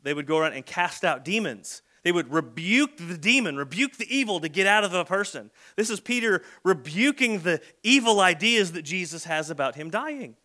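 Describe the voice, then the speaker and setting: Casting: male pastor, slightly high voice with a bright edge, chatty sermon delivery. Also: expressive, moderate pace, few pauses. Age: adult with a son. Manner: conversational preaching, acts out quoted lines.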